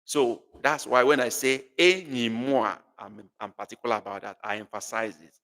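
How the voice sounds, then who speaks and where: Nigerian male tutor, bright and forceful, playful, calls students by name, long room reverb. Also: medium pitch, normal speed. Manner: teasing, repeats phrases, calls on students by name. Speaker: language tutor. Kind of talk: live online class.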